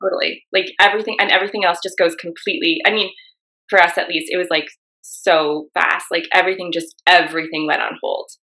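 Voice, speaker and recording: A woman's voice: lowish voice, fairly even intonation, quick pace, pushed and bright, poor audio. A young woman co-hosting a candid talk about grief. She tells her own story in a rush, full of "like" fillers. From Canada. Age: young adult. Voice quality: frequent "like" fillers, emotional storytelling. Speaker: co-host.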